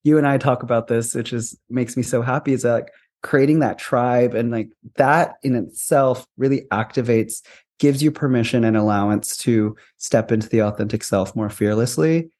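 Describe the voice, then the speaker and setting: Male interview guest, mid-pitched, earnest and spiritual, laughs often, restarts phrases. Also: moderate pace, a little mellow. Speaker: podcast guest. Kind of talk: conversational interview.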